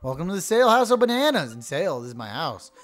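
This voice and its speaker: A gamer voicing a showy crocodile shopkeeper in a video game, reading out its lines in a breezy, rushed sales patter that swings up and down in pitch. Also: very animated, natural voice. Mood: boastful.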